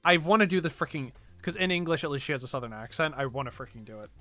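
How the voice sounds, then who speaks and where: A man's voice: a little high, animated, quick pace, sharp tone, soft background music. A male streamer reading a game's dialogue aloud and making casual, stammering asides.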